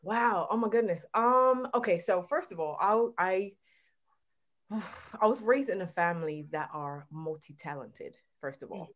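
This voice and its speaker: A woman's voice: medium pitch, a little slow. A woman from England with a British accent mixed with American, a guest singer chatting casually in an interview and telling stories.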